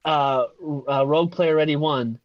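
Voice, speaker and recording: Halting male podcast co-host, dull dry sound. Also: fairly high pitch, dry recording. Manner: halting, repeats words, laughs often. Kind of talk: casual film review chat.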